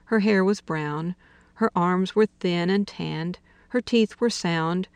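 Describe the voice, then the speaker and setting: Woman reading a story real slow, low voice with some gravel, dry close mic. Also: dry recording. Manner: slow, measured reading, softening to a hush for intimate dialogue. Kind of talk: audiobook narration of literary fiction.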